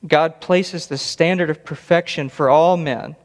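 A man's voice: on the high side, steady tone, unhurried. A man preaching an expository sermon, earnest and emphatic, often repeating words for stress. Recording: long reverb of a large hall.

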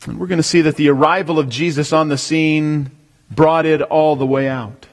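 Man preaching, kinda high voice, gets loud and punchy on big words, long echo like a big church. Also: fairly even intonation, moderate pace. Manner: emphatic, rising to near-shouts on key words. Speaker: pastor. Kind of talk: sermon.

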